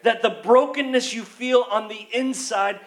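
A man, a pastor, delivering a sermon and telling a story, shifting from hushed to excited. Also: very high-pitched, a little slow. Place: church.

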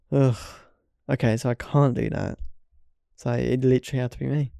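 A man's voice: mid-range voice, flat delivery, moderate pace, creaky, mellow, smooth, no echo, clean studio sound. A young man hosting his own podcast, chatting alone in a rambling way full of fillers. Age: young adult. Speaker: podcast host. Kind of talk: solo podcast chat.

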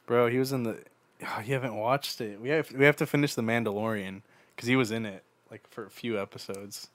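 A man's voice: mid-range voice, steady tone, a little fast, no room sound. A man in casual podcast chat, telling laughing anecdotes and swearing freely. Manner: laughing storyteller, swears often.

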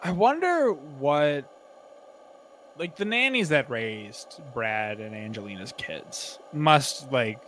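Bright-voiced man in casual banter. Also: mid-range voice, very animated, slow pace, a little hiss or hum. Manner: rambling, full of "like", bursts into goofy impressions. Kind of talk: casual comedic chat.

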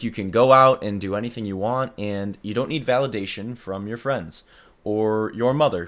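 A young man in his twenties hosting a comedy podcast, delivering a scripted monologue with deadpan, self-deprecating humor. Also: lowish voice. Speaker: podcast host.

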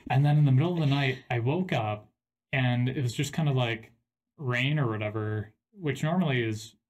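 Young male co-host, relaxed, conversational, explains things simply. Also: medium pitch, moderate pace. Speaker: podcast co-host. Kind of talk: casual chat.

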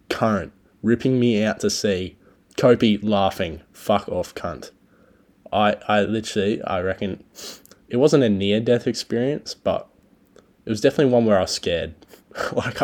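Crude, deep-voiced Australian bloke rambling. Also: male voice, a little mellow. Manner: crude, swearing, laid-back storytelling. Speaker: solo podcast host. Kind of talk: casual rambling chat. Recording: low-quality home recording.

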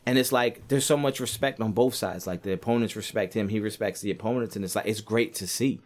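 A man giving a casual, animated commentary on boxing, rambling with lots of fillers and acting out quotes. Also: fairly low pitch, fairly quick. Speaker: sports commentator.

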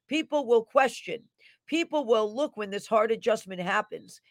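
A woman minister delivering a prophetic word in a declamatory preaching style. Her voice swells on the divine declarations and drops low for her asides, and she reads scripture with an emphatic cadence. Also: moderate pace, no echo.

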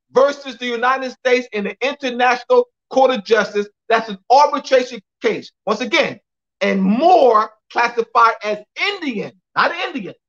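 A man's voice: very high-pitched, a bit bright, highs cut off. A man giving an emphatic lecture on a call, repeating phrases for clarity and spelling out names letter by letter. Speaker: guest speaker.

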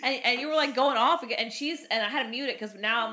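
Young woman, podcast co-host, fast chatty storyteller, slightly high voice, swears, acts out quotes. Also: sharp tone, slight background noise. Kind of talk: casual storytelling chat.

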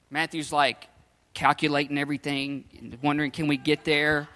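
A man preaching with a high, bright, forceful voice, telling the story in loose everyday slang. His words ring out with a long reverb, as in a large hall. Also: level tone, moderate pace. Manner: casual storytelling, slangy paraphrase of scripture. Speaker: pastor. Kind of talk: sermon.

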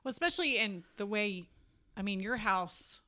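Woman host, mid-pitched voice, casual supportive interview chat. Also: expressive, moderate pace, sharp tone.

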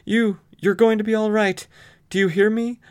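A man's voice: sits high, fairly even intonation, moderate pace, a little mellow, pitched above the performer's own voice, natural voice. A man voicing a grieving young woman, the daughter of a steel magnate, whose speech is pleading and urgent.

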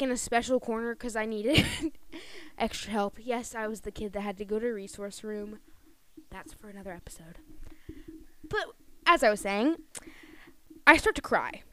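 A woman co-hosting a podcast, telling a childhood story in casual chat with an animated, giggly manner. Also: fairly high pitch, clean tone, no room sound. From Pennsylvania. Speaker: podcast co-host.

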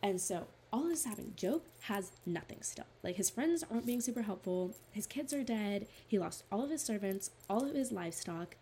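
A woman's voice: mid-range voice, lively intonation, normal speed, few pauses, dark tone, a little hiss or hum. A young woman giving a casual, earnest Bible study talk, chatty with lots of "like" fillers, reading scripture aloud between her own thoughts. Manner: reads scripture aloud in a steadier voice. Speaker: devotional Bible speaker.

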